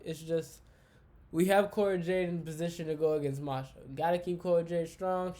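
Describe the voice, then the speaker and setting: A man hosting a casual wrestling recap for a live chat, with slangy, profane, excitable banter. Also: on the high side.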